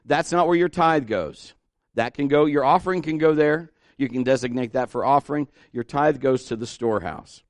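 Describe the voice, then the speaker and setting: A man's voice: medium pitch, moderate pace, no echo. A middle-aged man preaching a folksy, emphatic sermon as pastor, repeating key words for stress.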